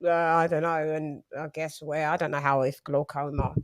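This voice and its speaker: A woman hosting a casual chat, telling lively stories and acting out what people said. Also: sits low, normal speed. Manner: animated, storytelling with quoted voices. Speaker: host.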